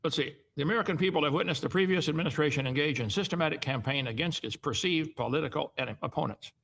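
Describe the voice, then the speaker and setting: A man's voice: fairly high pitch, fast, vocal fry, a bit bright. A middle-aged man reading Bible passages aloud and breaking off into casual, slangy asides as a Bible teacher. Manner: reads scripture then asides in plain slang. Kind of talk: informal Bible reading with commentary.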